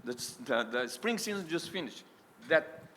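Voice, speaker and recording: A man's voice: a little high, sing-song, normal speed, bright, forceful tone, a little hiss or hum. A man in his sixties speaking up from the audience at a public meeting, emotional and pleading. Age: 60s. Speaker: audience member asking a question. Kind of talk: impassioned public comment. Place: meeting hall.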